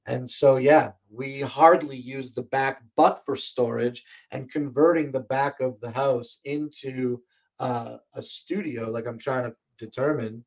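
A man's voice: mid-range voice, fairly even intonation, unhurried. A man hosting a livestream shopping show from a home studio, chatting casually and rambling with many fillers, his voice strained and breaking. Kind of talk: casual livestream product chat. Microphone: desk microphone, more than an arm's length away.

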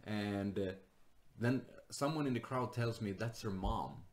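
Low-voiced man telling comedy stories. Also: measured pace. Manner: animated, laughs often, acts out voices, swears. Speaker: stand-up comedian guest. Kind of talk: casual storytelling.

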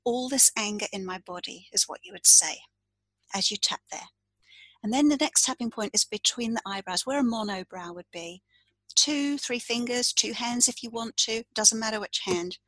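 A woman coach leading a calm, step-by-step tapping demonstration, saying the tapping phrases aloud as she explains each point. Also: a little high, normal speed, no room sound, low-quality recording. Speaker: coach and tapping practitioner, podcast guest.

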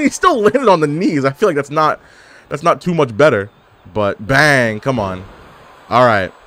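Animated man reacting to a game. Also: medium pitch. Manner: animated, exclaiming, playful trash talk. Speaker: gaming YouTuber. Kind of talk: casual gameplay commentary.

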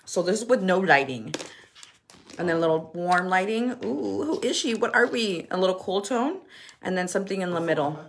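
A woman's voice: lowish voice, animated, a little fast. Bubbly woman chatting through a makeup product demo. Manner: bubbly, laughs often, swears playfully, many ums. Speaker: makeup influencer selling a product. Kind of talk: casual live product chat.

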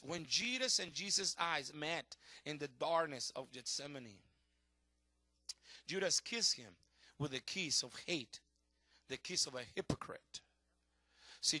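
A middle-aged male pastor preaching a sermon with passion, swinging from shouts to hushed tones, his English a little non-native in grammar. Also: high-pitched, dry recording.

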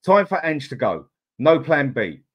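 A man's voice: mid-range voice, big pitch swings, unhurried, husky. An angry middle-aged man ranting sweary football opinions on his fan channel live stream, blunt and fuming.

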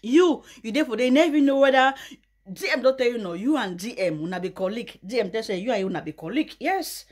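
A young Nigerian woman vlogger giving mocking gossip commentary, often breaking into loud high laughter. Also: lively intonation, fast. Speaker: YouTuber.

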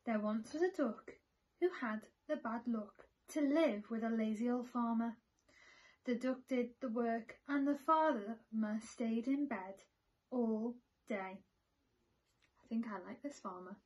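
A female teacher reads a picture book aloud to children, her slightly high voice moving slowly and expressively as she tells the story.

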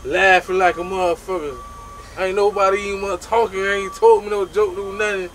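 A man telling a funny story about himself in a casual, profane, animated way, making his own sound effects. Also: high voice, normal speed, slight background noise, low-quality recording.

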